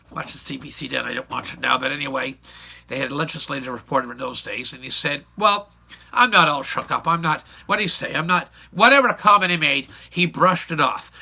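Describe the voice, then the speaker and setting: A man's voice: on the high side, vocal fry, sharp tone. An older man telling a rambling, opinionated recollection in a folksy, casual way, repeating points for emphasis. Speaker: YouTube storyteller.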